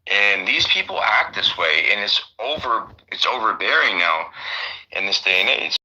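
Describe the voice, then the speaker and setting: A man's voice: lowish voice, animated, normal speed, bright, forceful tone, rough recording. A man in casual chat, rambling and swearing with lots of fillers. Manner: rambling, profane, many fillers.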